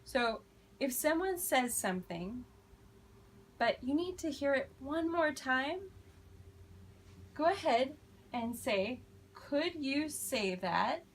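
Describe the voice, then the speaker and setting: Slow-speaking woman teaching a class. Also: sits high, lively intonation, a little hiss or hum, poor audio. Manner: slow, deliberate modeling of phrases, encouraging praise. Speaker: ESL teacher.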